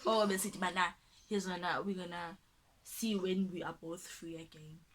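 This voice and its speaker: A young woman, telling a dating story in a casual storytime vlog, animated and sometimes dropping to a mutter. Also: on the low side, moderate pace. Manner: animated, drops to a mutter when dismissive.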